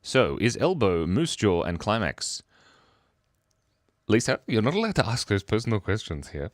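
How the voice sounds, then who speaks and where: A man's voice: on the low side, sing-song, normal speed, long pauses. A man hosting a casual livestream chat, playful and silly, often giggling. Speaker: livestream host.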